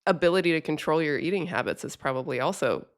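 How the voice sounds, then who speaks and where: A woman with a lowish voice chats casually as a podcast co-host. She reacts in loose, rambling bursts, swearing freely and laughing at herself. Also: lively intonation, quick pace.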